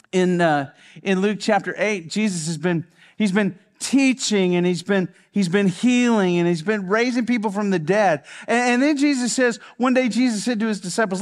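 A man preaches a sermon in a high voice. He talks with fervor and circles back over phrases to drive them home. He swings from urgent bursts down to a low, intimate hush. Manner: impassioned, repeats phrases for emphasis, drops to a hush. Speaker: pastor.

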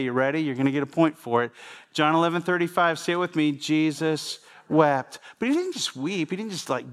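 A man preaching a sermon in a conversational way, often repeating phrases and speaking straight to the congregation. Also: on the high side. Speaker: pastor.

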